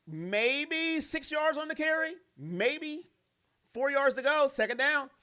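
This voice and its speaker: A young man calling football play-by-play as a fan, animated and jokey, breaking into reactions and playful impressions of players. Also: very high voice, takes it slowly. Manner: animated, jokey, mimics players in quoted voices. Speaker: fan commentator.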